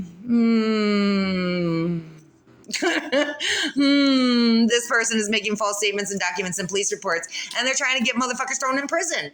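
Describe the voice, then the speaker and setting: A woman's voice: fairly high pitch, a bit bright. A woman doing a casual spiritual card reading, blunt and profane, laughing often as she talks. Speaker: tarot reader.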